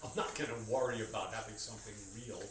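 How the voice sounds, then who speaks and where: A man's voice: fairly low pitch, fast talker, crowd noise. An older man with a nasal voice chatting in a blunt, crude, rambling way in a barn on a farm. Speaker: farm owner chatting on stream. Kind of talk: casual chat. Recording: echoey barn, picked up from far off, with noise.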